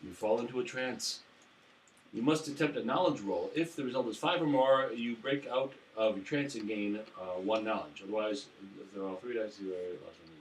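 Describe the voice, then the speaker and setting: A man's voice: fairly low pitch, reverberant. A man playing a board game with friends, cursing freely and reading cards with stumbles. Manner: swearing, playful, reads cards haltingly. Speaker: player. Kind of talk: casual board game play. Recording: distant mic, faint noise.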